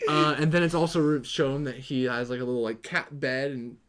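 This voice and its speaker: A man co-hosting a casual movie review podcast, retelling scenes in an animated way, swearing often and acting out the characters' lines. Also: mid-range voice, fairly quick, over a noisy crowd. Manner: animated, swears a lot, acts out quotes. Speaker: podcast co-host.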